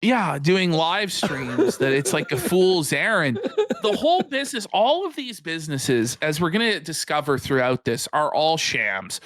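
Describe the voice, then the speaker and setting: A man's voice: a little high, unhurried. A man co-hosting a live stream, mocking and ranting at length in sarcastic commentary. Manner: mocking, animated, rants at length. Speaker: co-host.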